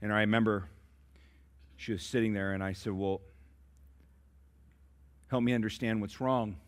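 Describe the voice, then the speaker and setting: A man's voice: lowish voice, steady tone, normal speed. A man preaching a sermon as pastor, telling stories and calling out to his congregation for responses. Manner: storytelling preacher who calls out to the congregation.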